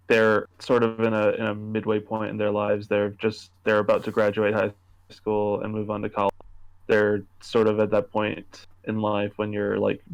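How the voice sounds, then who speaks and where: Young man, low voice, halting casual chat. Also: dull audio. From Canada. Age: young adult. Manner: halting, restarts often, laughs easily. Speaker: podcast co-host, horror writer.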